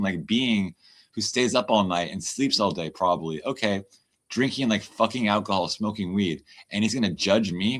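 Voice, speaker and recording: A man's voice: lowish voice, fairly bright tone. A man ranting and swearing on a livestream, chatting loosely with his viewers. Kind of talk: livestream rant.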